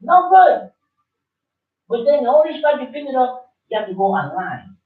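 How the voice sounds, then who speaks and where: A man's voice: very high-pitched, a little fast. Preaching man, heard through tinny echo. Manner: animated preaching, swinging between loud and soft, slangy. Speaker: religious teacher. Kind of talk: informal sermon. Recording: tinny, echoey room, from far off.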